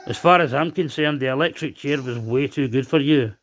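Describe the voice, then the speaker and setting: A paranormal investigator hosts a spirit box session, grilling the spirit in a stern, accusing manner. He speaks a little fast in a medium-pitched voice.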